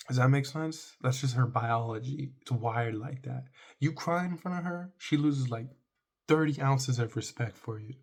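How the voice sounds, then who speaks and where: Man, vlogger, casual dating-advice monologue, rambling, blunt, swears freely, keeps saying "right?", medium pitch.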